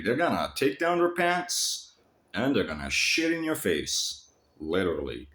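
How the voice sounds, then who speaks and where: Male vlogger, low voice, animated storyteller who swears freely, echoey room. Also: measured pace. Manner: profane, animated, mimics others mockingly. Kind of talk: casual storytelling monologue.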